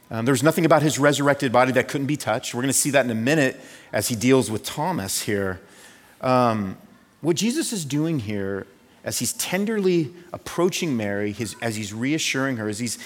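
A man's voice: medium pitch, animated, moderate pace, long reverb tail. A man preaching a sermon as pastor in a casual, conversational way, often checking in with his listeners. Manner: conversational, asks "right?" often.

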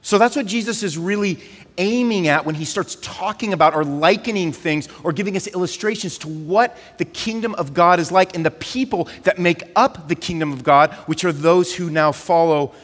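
A male pastor, giving a conversational, animated sermon and leaning on filler words. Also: high voice, normal speed, long reverb tail.

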